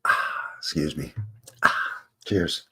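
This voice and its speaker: A man's voice: slow, sharp tone. A man hosting a casual livestream from a room at home, chatting in a rambling way and interrupting himself. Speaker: channel host. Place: home room with windows open.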